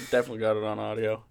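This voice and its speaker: A man's voice: on the low side, gravelly, background noise. A young man co-hosting a podcast, rambling in casual banter, laughing often and swearing a lot. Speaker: podcast co-host.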